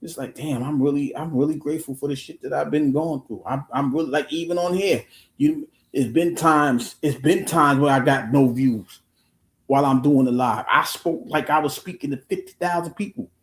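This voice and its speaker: A man's voice: on the high side, moderate pace, reverberant. A man talking earnestly on his own livestream, restarting his sentences often and swearing casually. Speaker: live streamer. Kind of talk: casual motivational livestream talk.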